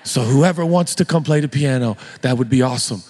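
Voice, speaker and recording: A middle-aged man preaching a sermon as pastor, animated and joking in a conversational way. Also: medium pitch, fairly quick, long reverb tail.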